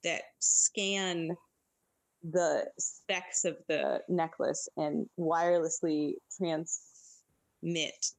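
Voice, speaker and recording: A woman chatting casually as a podcast co-host, recapping a movie scene by scene in a lively, filler-filled way. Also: low voice, extremely slow, vocal fry, no room sound, low-quality recording. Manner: chatty, animated, lots of fillers.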